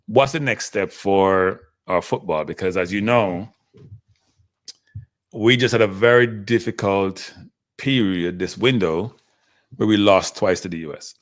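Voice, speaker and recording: Man, lowish voice, livestream host, animated, chats with viewers. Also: a little slow. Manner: animated, talks straight to the live chat, answers viewer comments. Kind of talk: casual livestream commentary.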